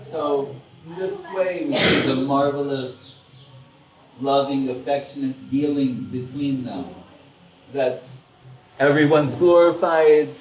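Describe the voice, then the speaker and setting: A man's voice: mid-range voice, slow, a little hiss or hum. Roomy-sounding male storyteller. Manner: animated storyteller, acts out quoted dialogue, chuckles. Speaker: spiritual teacher. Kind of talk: casual storytelling discourse. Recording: roomy echo with faint ambience.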